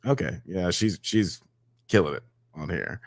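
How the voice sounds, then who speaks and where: A man's voice: deep voice, lively intonation, measured pace, vocal fry, no echo, studio quality. A man co-hosting a casual podcast, easygoing and agreeable, laughing often and reading out chat comments. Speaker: podcast co-host.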